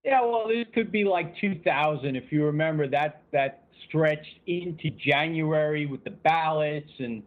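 Male call-in guest on a sports show, wry and conversational, fairly high voice over a phone line. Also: measured pace, few pauses. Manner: wry, conversational, self-deprecating. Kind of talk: casual sports talk.

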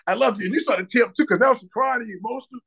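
A man's voice: extremely high pitch, very fast, gravelly, fairly bright tone, slightly rough. A man co-hosting a podcast, telling a story in casual, profane chat and acting out other people's lines with lots of energy. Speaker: podcast co-host.

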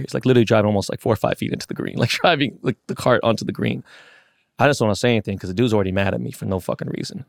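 A man's voice: lowish voice, very fast, vocal fry, dry recording, studio quality. A man co-hosting a podcast, telling a story casually with lots of swearing and acted-out quotes. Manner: animated, profane, acts out quotes. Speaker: podcast co-host.

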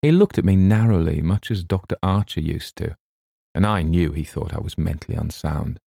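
A man narrating a classic story in a measured, deliberate way. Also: sits low, vocal fry, mellow, no room sound, studio quality. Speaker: audiobook narrator. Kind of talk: scripted narration.

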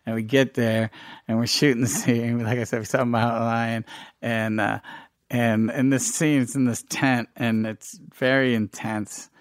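A middle-aged man, a filmmaker guest, telling lively anecdotes in a casual interview and acting out quoted dialogue. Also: mid-range voice, normal speed, dry recording, studio quality.

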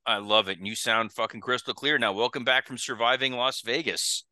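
A man's voice: mid-range voice, brisk, pushed and bright, no echo. A man hosting a podcast in casual chat, loose and swearing, often restarting his sentences. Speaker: podcast host.

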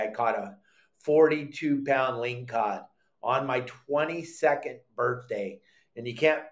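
An older man hosting a live fishing show, talking in a heated, emphatic way and repeating words for stress. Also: medium pitch. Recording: echoey room.

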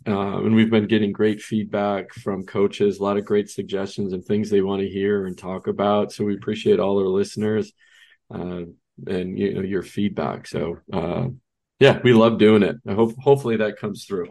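A man's voice: lowish voice, little pitch movement, normal speed, vocal fry, a little mellow. A middle-aged man co-hosting a youth basketball coaching podcast, chatting easily with fillers. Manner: easygoing, with fillers. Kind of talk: casual podcast chat.

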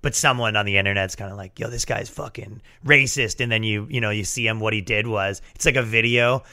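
A man hosting a podcast, riffing in a profane, animated comedic rant. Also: fairly low pitch, fast, smooth. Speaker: podcast host.

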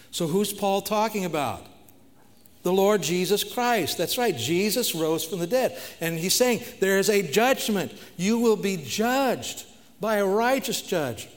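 A man preaching a sermon, reading scripture aloud and then explaining it plainly as he urges the listeners to respond. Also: medium pitch. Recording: long reverb of a large hall.

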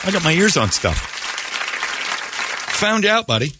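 A man hosting a morning radio show, ranting with lively swings in pitch and a slightly husky, bright tone. He talks in a mocking, animated way and often breaks into laughs. His voice is dry and close to the mic. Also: moderate pace, long pauses, dry recording, a faint crowd. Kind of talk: casual on-air banter.

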